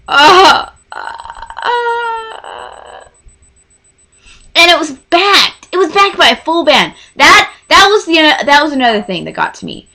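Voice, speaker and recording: Twenty-something woman rambling excitedly on a vlog, kinda high pitched, tense bright tone. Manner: rambling, excitable, gushing fan. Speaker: vlogger. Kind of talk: casual storytime chat.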